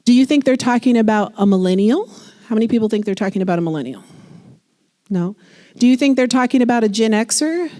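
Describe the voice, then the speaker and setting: A woman in her forties giving a public lecture on leadership, lively and conversational, acting out the people she quotes. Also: on the high side, a little fast. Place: lecture hall.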